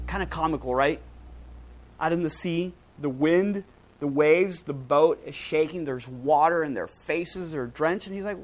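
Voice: medium pitch, moderate pace, poor audio. A preacher giving a casual, conversational sermon, using slang and acting out quoted lines with a raised voice.

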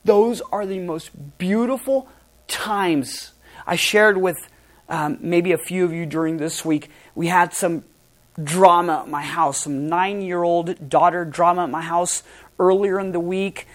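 Here a middle-aged man gives a sermon as a pastor, forceful and lively, moving from loud passages to soft ones. His pitch sits high and he speaks a little slowly.

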